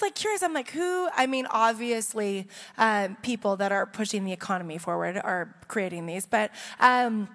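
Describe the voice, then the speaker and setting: A woman's voice: high voice, pushed and bright, in a large hall. A woman in her thirties preaching a sermon in a church, chatty and joking with asides. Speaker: pastor. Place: large church hall with audience.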